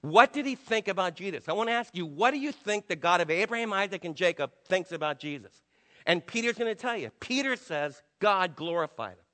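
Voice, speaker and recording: A man's voice: high-pitched, lively intonation, brisk, pushed and bright, big-room sound. A man preaching a sermon to his church in an emphatic, conversational way, acting out quotes. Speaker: pastor.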